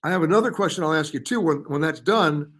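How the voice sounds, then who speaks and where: A chatty male travel host answers viewers live, reading their comments aloud and passing quick verdicts on their guesses. His voice sits a little higher than most men's, and he keeps it loose and conversational. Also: fairly bright tone. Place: hotel or studio in Paris.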